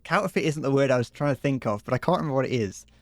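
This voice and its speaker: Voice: mid-range voice, animated, racing, dry recording. A livestreamer improvising a silly mock advert while gaming, giggling and stumbling over words.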